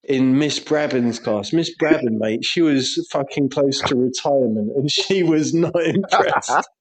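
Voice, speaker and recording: A man's voice: medium pitch, a little slow, slightly rough. An Englishman with a crude, sweary way of talking, telling school stories in casual podcast banter and laughing through them. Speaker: podcast co-host.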